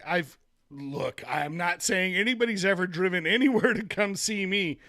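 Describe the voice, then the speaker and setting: High, bright-voiced joking co-host. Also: male voice, normal speed, no echo, clean studio sound. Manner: teasing, joking. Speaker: podcast co-host. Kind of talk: casual podcast chat.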